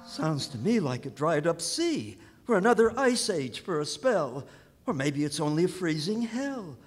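An actor playing a flustered, fussy official of the cosmos in a rhymed radio play, fretting theatrically in verse. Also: male voice, on the high side, big pitch swings, measured pace, faint music behind. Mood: fretful. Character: flustered cosmic official, fussy middle-aged man. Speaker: vice president in charge of physiochemistry.

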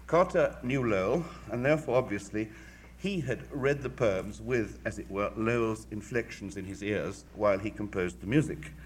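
Guy, music critic, talks slow and precise with dry wit, faint hiss. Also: on the low side. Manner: measured, articulate, with dry wit. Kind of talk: formal lecture.

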